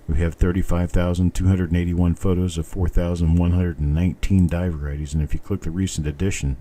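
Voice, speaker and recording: A middle-aged man hosts a casual live stream, rambling and thinking aloud as he talks. His voice is very deep and mellow, with a faint hiss of noise behind it. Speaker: host.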